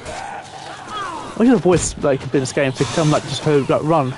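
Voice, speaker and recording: Exasperated swearing gamer. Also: male voice, fairly high pitch, normal speed. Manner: exasperated, swearing, yelling at game characters. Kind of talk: let's play commentary. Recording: game sounds and noise behind voice.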